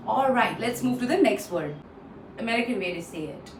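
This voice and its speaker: A woman's voice: a little high, expressive, brisk, recorded from a distance. Woman teaching pronunciation in a roomy echo. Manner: explanatory, repeats each word for drill; frequent "uh" fillers. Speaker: English pronunciation trainer. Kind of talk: online pronunciation lesson. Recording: roomy echo, off-mic, faint noise.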